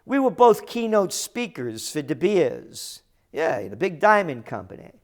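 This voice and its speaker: An older man hosting a trends commentary show, delivering a combative, sarcastic ranting monologue that breaks into shouted insults. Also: on the high side, very animated, unhurried.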